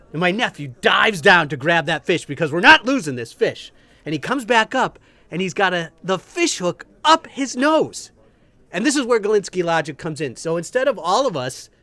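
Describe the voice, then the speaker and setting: A man telling comic stories in a stand-up routine, wry and animated, acting out what people said. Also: a little high, dry recording. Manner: wry and animated, acts out quotes. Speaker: stand-up comedian. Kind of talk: stand-up comedy storytelling.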